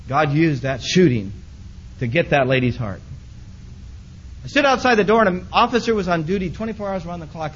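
A man preaching, telling a story with lively swings from loud high outbursts to quiet low asides, then leading a prayer. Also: highs cut off, slight background noise. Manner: animated storyteller, voice leaps high in quoted speech then drops soft. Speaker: pastor.

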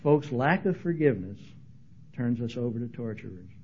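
A man preaching a sermon as pastor, animated and humorous, acting out the voices he quotes. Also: medium pitch, moderate pace, lo-fi sound, a little hiss or hum.

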